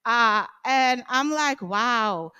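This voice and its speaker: A woman hosting a casual livestream talk show, talking in an excited, loud, chatty way with lots of fillers. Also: a little high, measured pace. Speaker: show host.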